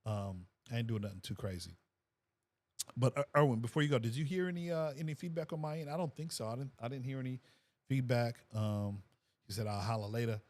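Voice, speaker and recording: A middle-aged man, a fifth grade teacher, hosting a casual livestream and reading viewers' comments aloud in a relaxed way, repeating phrases and laughing often. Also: medium pitch, brisk. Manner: laid-back, repeats himself, frequent laughs.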